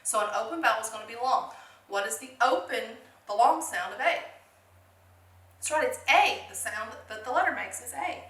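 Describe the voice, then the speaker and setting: A woman's voice: fairly high pitch, animated, moderate pace, fairly bright tone, echoey room, recorded from a distance. A woman teaching a phonics lesson to young children, encouraging them, asking questions and answering them herself.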